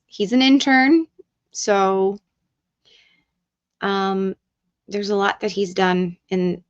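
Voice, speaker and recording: Reading chat aloud and cursing without restraint, this middle-aged livestream host talks loosely and sometimes wanders off-mic. Her mid-range voice is a bit bright, and the stream audio is dull and lo-fi.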